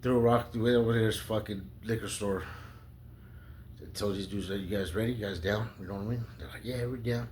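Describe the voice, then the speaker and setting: A young adult man telling a rambling, profane story in a casual, animated way. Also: lowish voice, fairly quick, a little hiss or hum.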